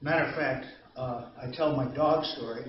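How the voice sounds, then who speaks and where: A man's voice: mid-range voice, fairly even intonation, moderate pace, slight background noise. A man giving an anger management training to a live audience, telling stories in a conversational way and asking the audience questions. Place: training room. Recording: distant echoey room recording, dull sound.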